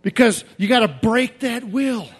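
A man with a high voice preaches a sermon in an emphatic, repetitive cadence. He drops to quiet confession, then rises to shouted outbursts. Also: animated, measured pace, slightly rough.

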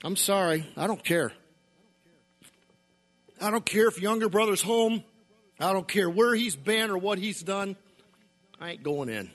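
A man's voice: high-pitched, measured pace, pauses often, faint music behind. A man voicing a resentful grown elder son who sulks and complains. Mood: sulky. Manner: sulky, then indignant shouting.

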